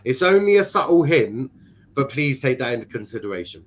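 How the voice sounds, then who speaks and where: A man from Ireland hosts a casual football stream, teasing his co-hosts and laughing between halting, filler-heavy remarks. His voice sits mid-range and comes through dull, lo-fi stream audio. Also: medium pitch, big pitch swings. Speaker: host. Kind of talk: casual podcast chat.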